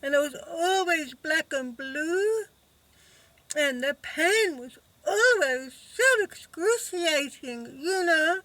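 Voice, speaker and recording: High-voiced, slow, halting woman vlogger. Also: lively intonation, a bit bright, dry recording. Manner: halting and emotional, many fillers. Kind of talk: personal recovery vlog monologue.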